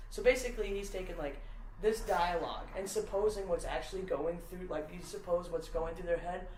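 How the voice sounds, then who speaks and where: A woman's voice: lowish voice, fairly quick, darkish tone, reverberant, a little hiss or hum, rough recording. A woman in a casual conversation, rambling as she explains an idea and filling her talk with "like". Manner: rambling, with many fillers of "like". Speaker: podcast guest explaining a comedy idea.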